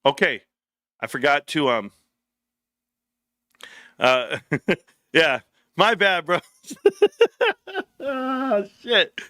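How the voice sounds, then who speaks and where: A man's voice: fairly high pitch, big pitch swings, drawn-out words, pauses often, sharp tone, no echo, studio quality. A man hosting a casual livestream, reading comments and telling loose, profane stories with frequent laughter. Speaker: livestream host.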